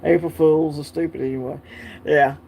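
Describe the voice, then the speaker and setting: A Southern man from Alabama, his voice pitched a touch high, rambles through a casual coin-collecting livestream. He laughs often and chats straight back to his viewers, with a faint hiss of noise behind him. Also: steady tone, normal speed, vocal fry, a little mellow.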